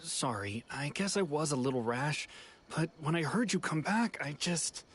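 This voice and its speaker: A woman's voice: low voice, lively intonation, moderate pace, husky. A woman voicing a nervous young helper who stammers out apologies, in game voice acting. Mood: apologetic.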